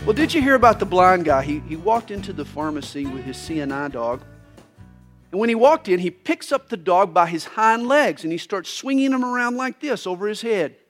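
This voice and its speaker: A man preaching a radio sermon, telling jokes and stories in a folksy, animated way. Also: sits high, a little fast, faint music behind. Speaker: pastor.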